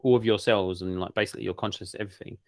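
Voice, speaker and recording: Low-voiced man in casual rambling chat. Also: steady tone, very fast, no echo, studio quality. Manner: rambling, jokey, laughs often. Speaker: podcast co-host.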